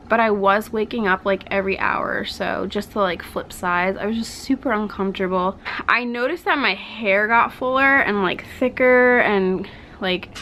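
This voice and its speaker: A woman's voice: mid-range voice, fairly bright tone, poor audio. A young woman chatting casually in a home vlog, rambling with lots of "like", a little out of breath. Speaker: vlogger. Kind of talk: casual pregnancy update vlog. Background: washing machine hum.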